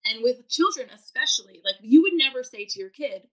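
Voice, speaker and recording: Bright-voiced woman parenting coach. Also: sits high, brisk, few pauses, husky, low-quality recording. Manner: animated, acts out parents' inner voices. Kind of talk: podcast interview.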